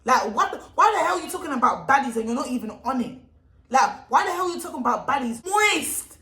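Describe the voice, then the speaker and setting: A young woman telling a storytime vlog, animated and emphatic, full of street slang. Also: high-pitched, fast. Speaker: vlogger. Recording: echoey room.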